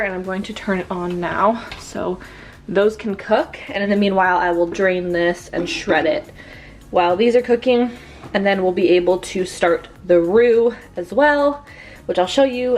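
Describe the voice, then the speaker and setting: Cooking in her home kitchen for a vlog, a heavily pregnant young woman talks casually and breathlessly, filling her speech with "like" and "um." She speaks at a medium pitch.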